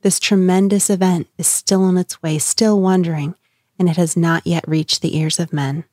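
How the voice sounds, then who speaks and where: A woman's voice: on the low side, steady tone, normal speed, darkish tone, dry recording, clean studio sound, lightly acted. A woman reading the lines of an anguished man crying out to a crowd, in an impassioned, questioning manner. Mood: somber. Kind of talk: dramatic reading.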